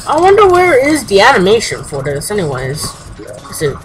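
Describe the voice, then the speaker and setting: A young man giving casual let's-play commentary, excitable and swearing often, jumping into high exclamations. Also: moderate pace, slight background noise, low-quality recording. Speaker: gameplay commentator.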